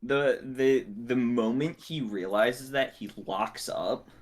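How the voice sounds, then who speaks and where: A man playing in a tabletop role-play, explaining his character in an animated, laughing way. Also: mid-range voice, takes it slowly. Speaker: player. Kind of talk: casual tabletop play chat.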